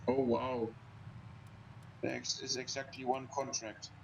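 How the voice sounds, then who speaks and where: A man chats with friends over a game, teasing and bossing the session along. His voice is mid-pitched, with a faint hiss behind it. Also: little pitch movement, takes it slowly, creaky. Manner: teasing, bossy organizer. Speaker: player in a multiplayer game. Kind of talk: casual gaming chat.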